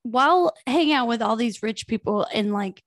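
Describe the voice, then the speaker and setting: A woman's voice: fairly high pitch, expressive, moderate pace, no room sound, clean studio sound. A young adult woman co-hosting a podcast, telling a story in casual gossipy chat with plenty of swearing. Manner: chatty, swearing, enthusiastic storyteller. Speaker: podcast co-host.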